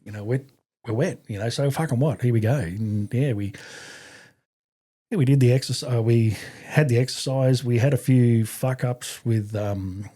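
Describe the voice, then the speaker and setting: Speaking at medium pitch and normal speed, a middle-aged Australian man who served in the army recounts a story as a podcast guest. He's animated and swears freely, performing the voices of the people he quotes.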